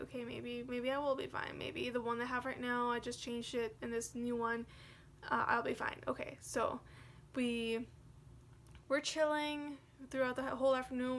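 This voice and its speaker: A woman's voice: fairly high pitch, gravelly, slight background noise. A young woman vlogger telling a personal story in a casual, chatty way, full of "like" and quoted dialogue. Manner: chatty, animated retelling with many "like"s.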